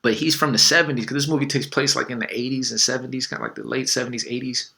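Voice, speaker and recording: A man's voice: medium pitch, steady tone, fast talker, vocal fry, bright, forceful tone. A man coaching on dating in a casual, conversational way, full of fillers and little acted quotes. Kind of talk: casual advice talk.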